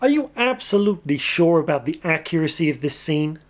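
A man's voice: a little high, very animated, fairly quick, lo-fi sound, pitched above the performer's own voice. A man voicing an anxious male film director who speaks hesitantly.

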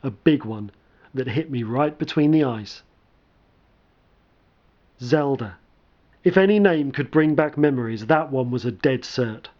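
A man narrating a first-person story in a measured, dramatic way. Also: mid-range voice, expressive. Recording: dull lo-fi recording.

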